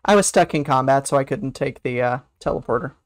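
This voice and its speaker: Fairly quick and medium in pitch, a streamer's voice comes through dry at studio quality as they play an online game. They keep up casual, teasing chatter with teammates, hum and sing along to themselves, and whoop excitedly at the best moments.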